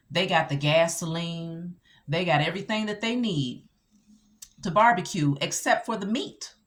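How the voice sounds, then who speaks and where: A woman teaching scripture casually, animated and full of rhetorical questions. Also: fairly low pitch. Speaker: Bible teacher.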